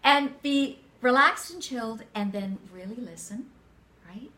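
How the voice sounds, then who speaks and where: A middle-aged woman co-hosting a business show, giving advice in a lively, laughing, coaching tone. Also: fairly high pitch, measured pace. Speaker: co-host. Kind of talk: casual chat.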